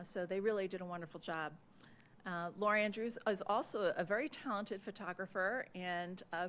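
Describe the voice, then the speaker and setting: A woman school district administrator with a mid-range voice, hoarse and losing it, presents a report at a public meeting. She speaks in a measured, earnest way with frequent "uh" and "um," into a desk microphone in a meeting room.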